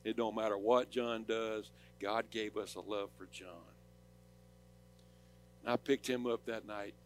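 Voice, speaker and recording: A man with a Southern accent preaching a sermon, rising to loud, urgent declarations and dropping to quiet storytelling. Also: on the low side, steady tone, unhurried, slight background noise. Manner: impassioned, swings from loud preaching to soft storytelling. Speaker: pastor.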